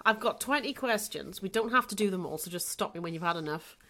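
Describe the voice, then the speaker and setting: A woman co-hosting a podcast, chatting casually and briskly setting up a quiz. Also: medium pitch, animated, sharp tone. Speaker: podcast co-host running a quiz. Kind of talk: casual chat.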